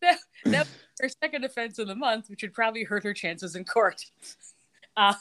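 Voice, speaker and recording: A woman's voice: on the high side, lively intonation, normal speed, sharp tone. A woman co-hosting a podcast, casually recapping a TV episode in a chatty way with frequent laughter. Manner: chatty, giggly, often laughing mid-sentence. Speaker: podcast co-host.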